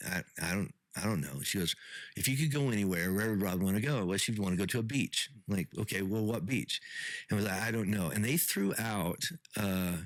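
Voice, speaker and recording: A man's voice: on the low side, a bit bright, dry recording, low-quality recording. A middle-aged man hosting a podcast as a pastor, talking casually with frequent restarts and repeated words.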